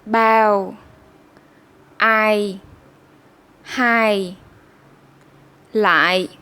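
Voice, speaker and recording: A woman assisting in a language lesson, carefully pronouncing single sounds and words for learners to repeat. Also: on the high side. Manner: clear, careful model pronunciations. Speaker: teaching assistant modelling sounds. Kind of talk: pronunciation drill.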